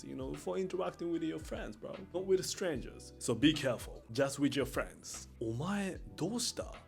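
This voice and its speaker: Lively man teaching slang, laid-back. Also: fairly high pitch, vocal fry. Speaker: Japanese language teacher. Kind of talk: casual slang lesson to camera. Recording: faint lo-fi music behind voice. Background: faint lofi music.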